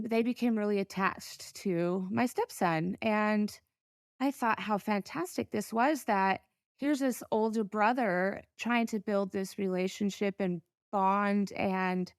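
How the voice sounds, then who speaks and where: Middle-aged woman guest telling her story, halting and earnest, dry close sound. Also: mid-range voice, dry recording. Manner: earnest, halting, pauses to gather herself. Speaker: podcast guest. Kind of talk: personal storytelling.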